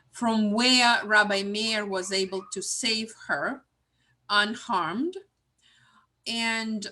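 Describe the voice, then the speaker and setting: A woman teacher retelling a religious story in a class, halting often with fillers. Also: mid-range voice, pushed and bright.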